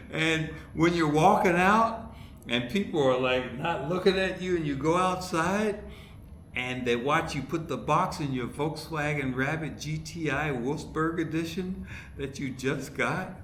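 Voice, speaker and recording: A man's voice: fairly high pitch, normal speed. A man from Ohio, a podcast guest, telling stories in casual chat and acting out the people he quotes. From Ohio, USA. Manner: animated storyteller who acts out the people he quotes. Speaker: podcast guest, comedy writer. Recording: echoey room with faint background noise.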